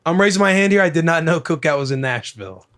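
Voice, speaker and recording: A man's voice: on the high side, expressive, fast, a bit bright, clear, resonant tone. A man co-hosting a casual podcast, joking and laughing with friends. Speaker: podcast co-host.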